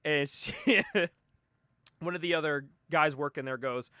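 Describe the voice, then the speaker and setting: Guy on a comic podcast, high bright voice, laughs a lot, dry close mic. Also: clear, resonant tone, dry recording. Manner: animated, laughs often, acts out characters in quick voices. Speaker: podcast co-host. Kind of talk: casual comic book podcast chat.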